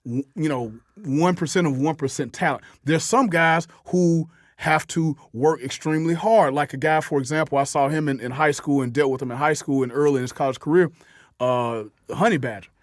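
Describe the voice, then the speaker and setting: A man with a fairly high voice hosts a casual sports talk show. He tells stories with energy, acting out other people's lines and repeating words as he goes. The sound is dry and close. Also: brisk, no room sound. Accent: New Orleans. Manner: storytelling, acts out quoted voices, repeats words. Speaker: host, football coach. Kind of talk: casual podcast chat.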